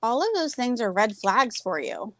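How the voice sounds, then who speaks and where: A woman in her thirties with a fairly high voice tells her own story in a candid, animated way. She speaks over a video call, and the sound is dry and close with no room around it. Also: normal speed, no echo. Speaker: guest speaker. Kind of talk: personal story in a group talk.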